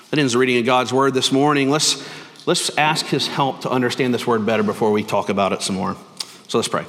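A man's voice: medium pitch, steady tone, fairly quick, fairly bright tone. A man preaching a sermon as pastor, earnest and conversational. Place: church sanctuary. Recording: long hall reverb.

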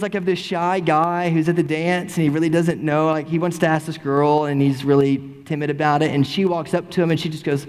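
Animated male pastor in a reverberant sanctuary. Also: a little high, a little fast, hardly any pauses, smooth. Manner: animated, rhetorical, repeats questions for emphasis. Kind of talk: sermon. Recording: long reverb in a large sanctuary.

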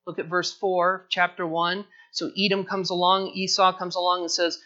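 A man preaching a sermon to his congregation as their pastor, passionate, moving between loud emphasis and quiet pleading. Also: sits high, steady tone, moderate pace, few pauses, lo-fi sound. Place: church sanctuary.

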